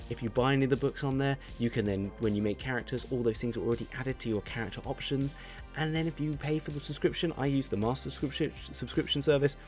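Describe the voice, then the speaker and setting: A man with a medium-pitched, slightly mellow voice hosts a tabletop game show as its dungeon master. He rambles through casual game narration and outro chat, peppering his speech with "like" and "sort of."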